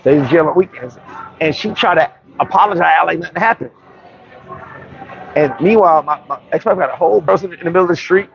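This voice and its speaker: A man's voice: a little high, quick pace, vocal fry, muffled recording. A man from New York telling brash, profane stories in a casual storytelling monologue as a vlogger.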